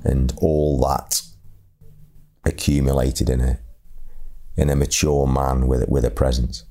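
Very deep, slow, gravelly-voiced man. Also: little pitch movement, mellow. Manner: halting, repeats words, slow and measured. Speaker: speaker sharing lessons on leadership. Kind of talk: reflective storytelling talk.

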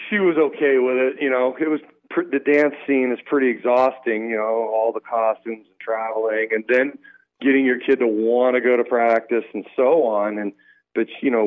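A man calling in as a radio guest, telling stories in a relaxed way with lots of fillers. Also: medium pitch, moderate pace. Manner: relaxed, storytelling, many fillers. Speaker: guest, former pro baseball player. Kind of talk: casual radio interview. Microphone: phone line. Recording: tinny phone line.

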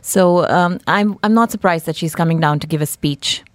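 A woman newsreader chatting on radio in a measured way. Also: lowish voice, no echo. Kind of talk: casual radio chat.

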